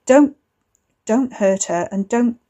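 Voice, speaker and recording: A woman's voice: a little high, expressive, takes it slowly, warm tone, pitched above the performer's own voice. A woman voicing a tense young man who answers in clipped, bitter, defensive lines.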